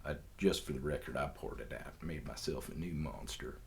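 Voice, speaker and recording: A rambling good-old-boy with a put-on Southern drawl, as a podcast host fakes it, talking in a very deep, low voice. He tells his story loosely and mocks himself as he goes. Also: brisk, gravelly, a little hiss or hum. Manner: rambling, self-mocking, loose. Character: man faking a Southern drawl. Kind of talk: casual storytelling monologue.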